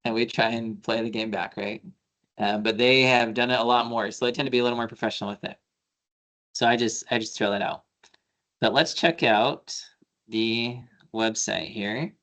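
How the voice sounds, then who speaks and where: A man's voice: mid-range voice, steady tone, a little fast, a bit bright. Conversational man giving a civic training. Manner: conversational, tells anecdotes with quoted dialogue, frequent fillers. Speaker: attorney leading a civic training. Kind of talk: casual training talk.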